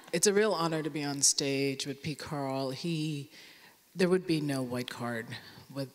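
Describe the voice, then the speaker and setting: Woman guest speaker; very slow, measured, soft delivery with long hall reverb. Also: low-pitched. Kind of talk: onstage conversation. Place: large theater.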